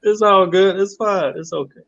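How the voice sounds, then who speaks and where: A man's voice: high-pitched, normal speed, a bit bright, dry recording, dull audio. Easygoing man on a phone mic. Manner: easygoing, greets the chat. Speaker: livestream guest. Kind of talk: casual chat. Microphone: phone held in hand.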